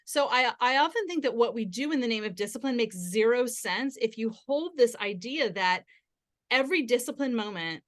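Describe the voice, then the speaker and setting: A woman guest on a podcast interview, explaining parenting ideas in a steady, instructive way. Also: fairly high pitch, moderate pace. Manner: acts out gentle parent quotes.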